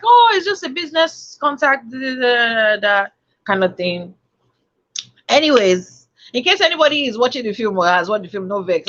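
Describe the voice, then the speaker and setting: A woman chats through a story for her podcast, acting out bits of dialogue and tossing in asides. Her voice sits in a middle register. The recording sounds dull and a bit lo-fi. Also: medium pitch. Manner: animated, lots of quoted dialogue and asides. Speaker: podcast host. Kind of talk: casual storytelling chat.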